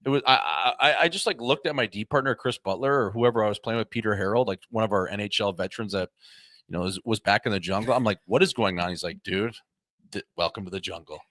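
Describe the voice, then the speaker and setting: A man co-hosting a hockey podcast, telling casual, animated stories about his pro career and swearing freely. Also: lowish voice, fast talker, no room sound, clean studio sound. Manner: animated anecdotes with quoted voices, swears freely. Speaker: podcast co-host, former pro hockey player. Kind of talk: casual chat, storytelling.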